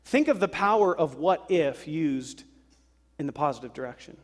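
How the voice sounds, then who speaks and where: A man preaching a sermon to a congregation, lively and acting out worried voices. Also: fairly high pitch, moderate pace. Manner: animated, acts out worried voices. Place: church sanctuary. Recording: long hall reverb.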